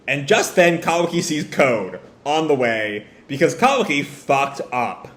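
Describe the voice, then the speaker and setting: A man's voice: mid-range voice, moderate pace, hardly any pauses, a bit bright. Casual man reading manga aloud. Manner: casual, hedging with fillers. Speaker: manga reaction host. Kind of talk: live reading and reaction. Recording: roomy echo.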